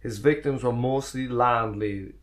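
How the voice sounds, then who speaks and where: A man's voice: medium pitch, a little slow. A man co-hosting a podcast in casual banter, giggly and rambling, often trailing off mid-sentence. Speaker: podcast co-host.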